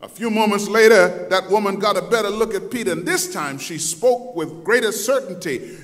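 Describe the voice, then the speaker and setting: A man preaching a sermon, telling the story dramatically and acting out voices, moving between loud, intense passages and soft asides. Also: high voice, a little fast. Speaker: pastor. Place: church sanctuary. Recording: long hall reverb.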